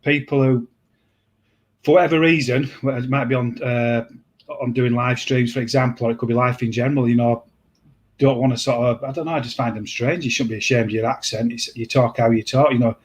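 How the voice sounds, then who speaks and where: A man hosting a casual chat, talking in a rambling, halting way with many restarts. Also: mid-range voice, steady tone. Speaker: host.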